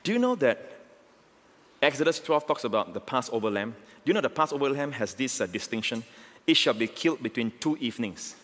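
A male pastor preaching a sermon, emphatic and swelling to near shouts, often checking in with the congregation. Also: mid-range voice, big pitch swings, brisk. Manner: emphatic, rising to near shouts on key lines; repeats call-outs to the congregation. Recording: long hall reverb.

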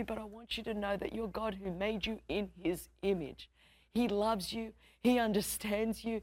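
A woman's voice: mid-range voice, moderate pace, no echo, clean studio sound. A young adult woman with an Australian accent, preaching a sermon as pastor with a passionate, emphatic, repetitive cadence.

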